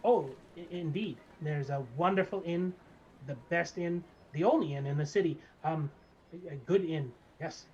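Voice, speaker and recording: A man's voice: on the high side, moderate pace, darkish tone, natural voice. A man voicing a fussy little male gnome barber who rambles eagerly and a bit creepily. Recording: slightly dull lo-fi mic, faint noise.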